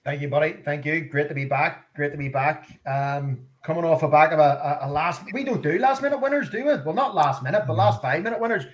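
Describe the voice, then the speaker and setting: A man's voice: on the high side, lively intonation, fast talker, hardly any pauses. A Scottish man who is a regular on a podcast, chatting in a friendly, teasing way. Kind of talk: casual podcast chat.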